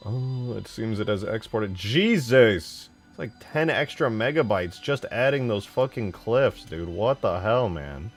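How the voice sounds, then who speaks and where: A man's voice: lowish voice, animated, a little slow, few pauses, soft background music. A young man casually streaming while modding a game map, rambling and swearing in slangy talk.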